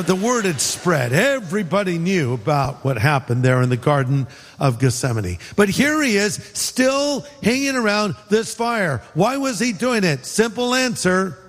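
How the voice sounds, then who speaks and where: Pastor from California, casual joking sermon delivery, reverberant large hall. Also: male voice, high voice. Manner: conversational, joking, shifts between quick asides and slow emphasis.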